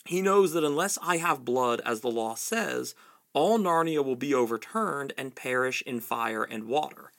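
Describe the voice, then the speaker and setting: A man voicing a cold, imperious female witch queen, shrill and demanding. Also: expressive, measured pace, vocal fry, fairly bright tone. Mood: menacing.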